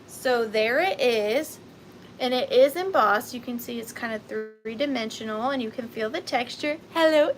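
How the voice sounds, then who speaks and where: A woman's voice: fairly high pitch, fairly bright tone, slight background noise. A young woman hosting a live online vintage sale, chatting enthusiastically about items and counting down bids. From United States. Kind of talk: live sale vlog chat.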